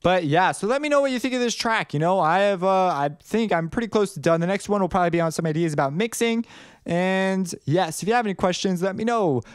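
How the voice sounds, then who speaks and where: A man producer talks through his tutorial in a loose, rambling way, stopping to correct himself. His voice is smooth and a bit high for a man. It sounds close and dry, with no room echo. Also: fast. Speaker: music producer teaching track production. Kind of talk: casual tutorial talk.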